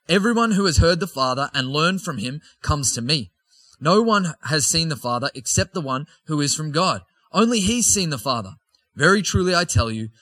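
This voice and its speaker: A man's voice: a little high, a bit bright, no room sound. A preacher reading aloud the words of Jesus as a man teaching a crowd with authority, in a raised, emphatic delivery.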